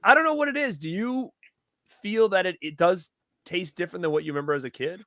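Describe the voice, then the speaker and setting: A man in his thirties hosting a casual podcast chat, telling stories with lively acted-out quotes. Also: sits high, fast talker, dry recording, clean studio sound. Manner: animated storytelling, acts out quotes. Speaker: podcast host.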